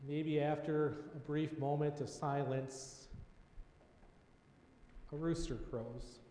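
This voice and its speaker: A man preaches a sermon in an earnest, storytelling way, letting his voice sink quietly at dramatic pauses. His voice sits a little high for a man. The recording has the roomy echo and long reverb of a church sanctuary. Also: steady tone, a little hiss or hum. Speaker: pastor.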